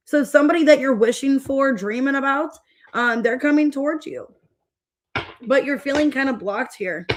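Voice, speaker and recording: A woman's voice: a little high, noisy background. Chatty woman giving a tarot reading. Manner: chatty, rambling, greets viewers mid-reading. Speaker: tarot reader.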